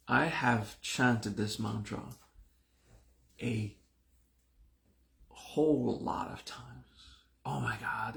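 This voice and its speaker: A man's voice: on the low side, fairly even intonation, a little slow, gravelly. A man teaching a spiritual class in a conversational way, repeating himself and restarting his sentences. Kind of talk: live-streamed class talk.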